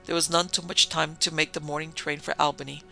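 A man narrating an audiobook in a steady, evenly paced storytelling manner. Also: on the high side, brisk, vocal fry, faint music behind.

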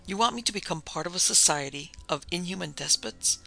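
A man's voice: high-pitched, lively intonation, fairly quick, creaky, bright, forceful tone, full character voice. A man reading the part of a desperate young research doctor, cornered and speaking in a tense, defiant way.

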